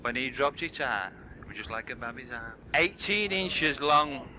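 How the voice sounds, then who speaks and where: A man's voice: mid-range voice, fairly quick, pushed and bright, rough recording. A man, rambling through dirty jokes at a party and slipping into voices for the characters. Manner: rambling, broad dialect storytelling with voiced characters. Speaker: joke teller at a party. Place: home party. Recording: hissy old cassette tape.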